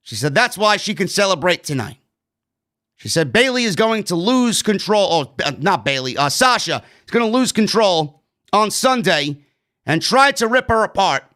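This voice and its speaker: Brash New York guy with a high, bright voice, sarcastic, swearing, ranting through a show recap. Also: very animated, normal speed. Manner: blunt, sarcastic, swears, rants. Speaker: wrestling show reviewer. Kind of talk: casual recap commentary.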